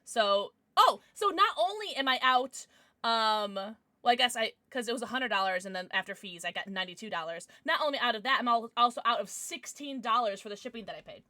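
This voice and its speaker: A woman's voice: a little high, animated, a little fast, bright, forceful tone, no room sound. A woman streamer chatting casually on a livestream, rambling with frequent restarts and plenty of swearing.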